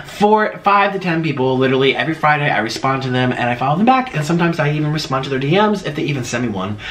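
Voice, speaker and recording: A man chats through an eating vlog in a playful, theatrical, sing-song way. His slightly high voice swoops up and down with lots of life. The room around him sounds echoey. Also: fairly bright tone. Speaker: mukbang host. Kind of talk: casual eating vlog chat.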